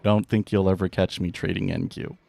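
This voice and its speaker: A man's voice: sits low, level tone, brisk, vocal fry, warm tone, faint music behind. A man casually chatting and rambling through a live day-trading stream, laughing often.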